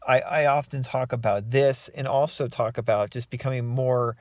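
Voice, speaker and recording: A man speaking at an ordinary middle pitch, calm and reflective, often pausing on fillers and restarting his phrases. He gives casual self-help advice straight to his viewers. The sound is dry and close, with no room around it. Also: dry recording. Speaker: self-help author and coach. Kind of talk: casual talking-head advice.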